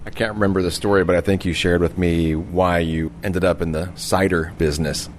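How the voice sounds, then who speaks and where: A man hosting a podcast, narrating scripted introductions in a measured way and asking interview questions. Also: deep voice, steady tone, a little hiss or hum. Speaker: podcast host.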